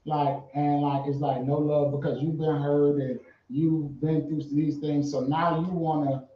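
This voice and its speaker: A man's voice: a little high, unhurried, muffled recording. Emphatic man, distant roomy sound. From Fayetteville, born in Savannah, Georgia. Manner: animated, emphatic, swears freely. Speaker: guest artist. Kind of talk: casual interview chat.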